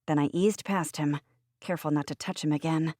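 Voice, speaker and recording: A woman giving a wry, brisk first-person audiobook narration. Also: low-pitched, steady tone, darkish tone, no room sound, clean studio sound.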